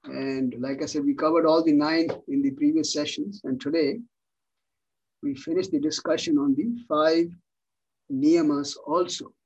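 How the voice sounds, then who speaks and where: A man's voice: on the high side, fairly even intonation, moderate pace, darkish tone, husky, recorded from a distance, muffled recording. A man teaching yoga philosophy in an online class, patient and repeating words for emphasis, heard over a video call.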